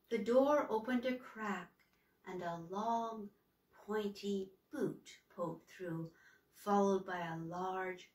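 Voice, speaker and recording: A woman reading a children's storybook aloud in a slow, expressive way, in an echoey room heard from off-mic. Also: mid-range voice, distant mic. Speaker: reader to children and dogs.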